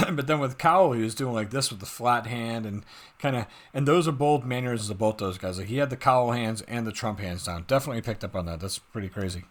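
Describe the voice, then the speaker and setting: A man's voice: mid-range voice, brisk. An American man hosting a reaction video, commenting casually with joking, self-deprecating asides. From United States.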